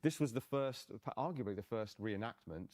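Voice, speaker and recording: A man, a museum curator, explaining objects in a relaxed, hesitant way. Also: lowish voice, normal speed. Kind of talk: informal museum talk.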